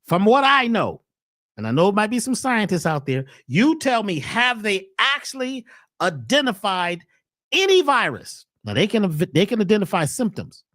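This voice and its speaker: A woman who hosts and speaks on wellness holds forth in a slangy, emphatic, preachy monologue, firing off rhetorical questions with animated swings in pitch and voice. She talks at normal speed, and the recording is dry with clean studio sound.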